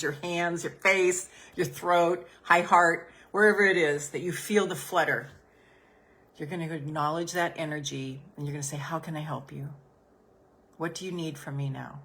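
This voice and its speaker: A woman with a low, deep voice guides listeners through a calm healing exercise as a business coach. She speaks soothingly and gently, repeating her phrases softly. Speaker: business coach and podcast host.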